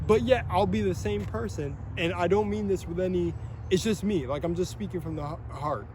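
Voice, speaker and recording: A young man rambling in a monologue, excitable and swearing often, laughing between phrases. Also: sits high, fairly quick, background noise. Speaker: vlogger.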